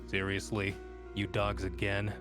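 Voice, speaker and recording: A charismatic male mage who works a crowd, teasing and sure of himself, as a man puts him on. He speaks in a low, rich voice with a faked Australian accent, over a faint music bed from the game. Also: monotone, a little slow. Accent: put-on Australian. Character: charismatic male mage showman, smooth and confident. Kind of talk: voicing a game character on stream.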